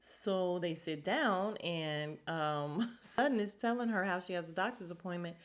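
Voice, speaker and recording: A woman's voice: on the low side, measured pace. A woman hosting a podcast, recapping a reality show in casual, blunt, profane chat and laughing often. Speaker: podcast host.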